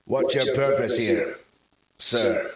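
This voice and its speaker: A man's voice: medium pitch, slow pace, close to an everyday voice. A man voicing a polite but stiff soldier holding a stranger at gunpoint, in a storybook reading. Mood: stiff duty. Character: stiff, dutiful male soldier with authority. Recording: very echoey room.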